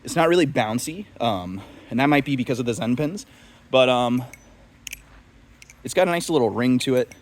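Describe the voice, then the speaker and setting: A man's voice: medium pitch, animated, normal speed, pauses often, slight background noise. A young man chatting casually in a video review, rambling with lots of fillers and self-deprecating asides. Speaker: knife reviewer.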